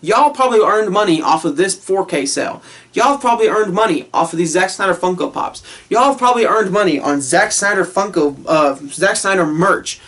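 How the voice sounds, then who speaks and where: A man's voice: high-pitched, animated, a little fast, a bit bright. A man vlogging on camera, ranting heatedly and swearing constantly, laughing now and then between his points. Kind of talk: casual rant to camera.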